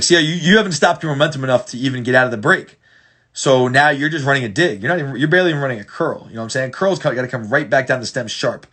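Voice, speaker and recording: This man's voice is medium in pitch and a bit bright as he walks football clients through game film in a relaxed session. He's blunt and swears freely, stumbling, starting over, and repeating words to drive points home.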